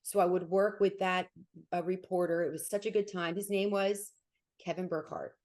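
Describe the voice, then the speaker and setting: Fast-talking woman with a New Jersey accent. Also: fairly low pitch, fairly even intonation, a little mellow. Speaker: sports broadcaster guest. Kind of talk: casual interview.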